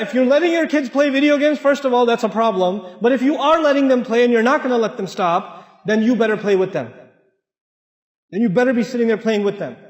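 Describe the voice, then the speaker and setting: A man giving an animated sermon-style talk to a congregation, acting out family quarrels in quick voices. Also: high voice. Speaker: Islamic speaker. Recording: roomy hall reverb.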